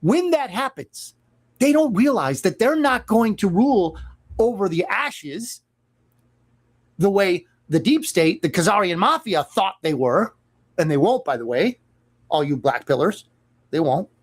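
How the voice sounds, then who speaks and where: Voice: medium pitch, very animated, measured pace. A host delivering an opinionated commentary monologue in a sarcastic, mocking and emphatic manner.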